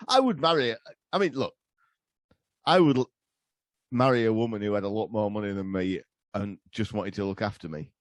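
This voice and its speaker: A man's voice: on the low side, moderate pace, pauses often, dry recording. A man, a podcast guest telling crude, rambling stories in casual chat. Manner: crude, rambling, laughing storyteller.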